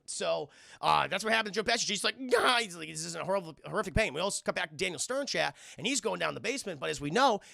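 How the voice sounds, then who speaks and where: A man streamer recapping a film casually, profane and excitable, and constantly talking to his chat. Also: sits high, quick pace, gravelly, dry recording, clean studio sound.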